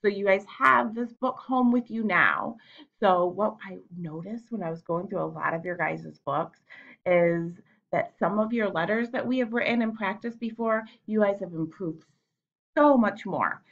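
A woman's voice: mid-range voice, a little slow, muffled recording. Encouraging woman teacher on video. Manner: encouraging, animated classroom talk. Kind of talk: teacher talking to young students on video. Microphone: home camera.

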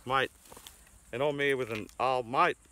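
Australian bloke cracking crude jokes. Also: male voice, mid-range voice, measured pace, pushed and bright, a little hiss or hum. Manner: crude, slangy, joking banter. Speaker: beer review host. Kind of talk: casual outdoor beer tasting chat. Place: outdoors in the bush.

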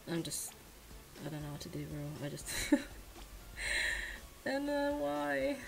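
A woman's voice: extremely slow, creaky, over music, rough recording. Young woman mumbling and shrieking over gacha pulls. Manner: swings from mumbled low sighs to shrieking excitement. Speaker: gacha gaming streamer. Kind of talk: casual gaming commentary.

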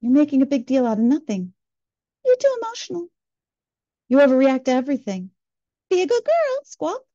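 A woman's voice: high-pitched, huge pitch swings, fairly quick, warm tone, no echo, pitched above the performer's own voice. A woman voicing a nagging mockingbird of inner criticism that scolds and squawks between lines. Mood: frantic. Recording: slightly muffled, dry recording.

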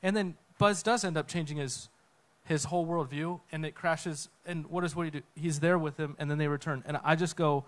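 A man giving a conversational sermon talk on a church stage, telling a story with lively acted-out quotes. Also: fairly high pitch, brisk. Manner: animated storytelling, acts out quotes. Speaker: guest speaker.

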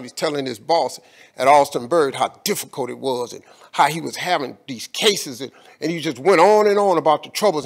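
A man speaking as a guest in an on-stage conversation, talking in an emphatic, colloquial way with preacher-like repetition. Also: on the high side.

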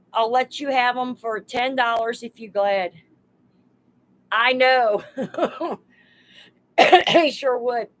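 A woman runs a live sale stream, pricing items one by one and greeting her viewers by name. She talks in an unhurried, homey drawl, with a fairly high voice. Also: fairly bright tone, poor audio. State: overheated.

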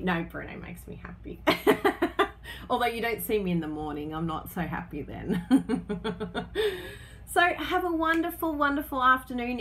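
Woman, bubbly live-stream host, higher voice, swooping animated delivery. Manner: bubbly, laughs often, chats to viewers. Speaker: craft business host. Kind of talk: casual live stream chat.

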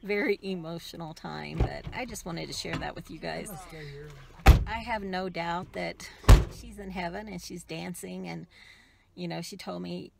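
Middle-aged american lady vlogging, kinda low and gravelly, soft rambly storytelling. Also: fairly even intonation, a little slow. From United States. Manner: soft-spoken, emotional, rambling with many restarts. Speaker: craft vlogger. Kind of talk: casual personal storytelling.

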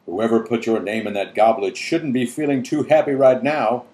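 A man's voice: mid-range voice, moderate pace, a little mellow, reverberant, close to an everyday voice. A man voicing a serious adult man giving cautious advice in a letter, read from a storybook. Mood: earnest. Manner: earnest and cautioning.

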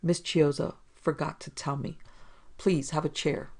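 A young maid speaks softly but stiffly, with a guarded, half insolent tone, as a narrator puts her on. Her delivery is flat and a little gravelly, as in a 1940s crime storybook. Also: sits low, a little slow, heavily acted. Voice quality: soft.

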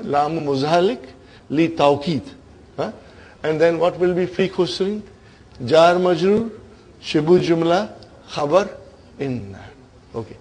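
A man teaching grammar in a classroom lecture, emphatic and often checking in with his listeners. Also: a little high.

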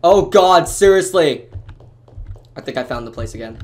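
A young man playing a horror game, jumpy and excitable, swinging from quiet mumbling to panicked screaming. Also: fairly high pitch, moderate pace, long pauses. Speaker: gaming YouTuber.

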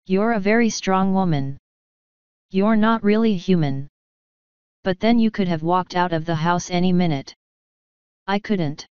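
Woman voicing a bitter young woman, scornful, cold clear voice, crisp, dull dry recording. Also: fairly low pitch, a little slow, pauses often, no echo, close to an everyday voice.

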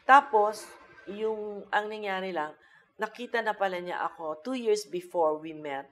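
A woman's voice: mid-range voice, normal speed. A woman comedian telling stories as an interview guest, switching between Tagalog and English. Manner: animated storytelling, mixes Tagalog and English. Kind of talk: casual chat.

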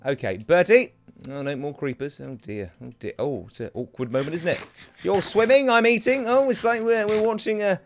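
A young man whose voice sits high sounds animated at a moderate pace, with slight background noise behind him. As a let's play host, he offers chatty, self-mocking, rambling commentary and talks to the game's creatures.

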